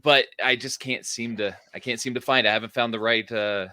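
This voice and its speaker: Man, tabletop player, halting restarts, forceful tone, dry sound. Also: medium pitch, fairly even intonation, smooth, no room sound. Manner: halting, full of fillers and restarts. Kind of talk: in-character tabletop chat.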